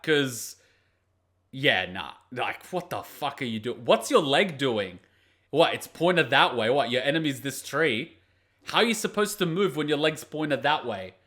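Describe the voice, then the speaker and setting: Guy doing anime reactions, cussing and roasting the fight, voice a bit high and swinging all over. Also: pushed and bright. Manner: blunt, profane, mocking critique. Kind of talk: casual reaction commentary.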